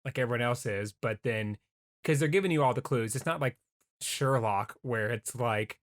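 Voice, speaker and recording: A man co-hosting a podcast, his casual talk halting and full of stumbling restarts. His voice is at an ordinary male pitch. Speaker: podcast co-host. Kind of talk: casual chat.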